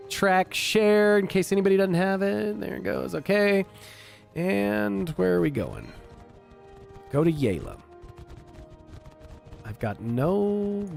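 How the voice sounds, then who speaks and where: A man's voice: high-pitched, gravelly. A man streaming a space game, chatting casually with teammates in a blunt, profane, ranting way. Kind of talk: casual gaming chat.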